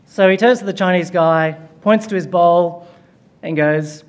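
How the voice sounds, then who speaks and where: A man's voice: high voice, measured pace. A man preaching a chapel sermon, telling a story with light humor before working through a passage.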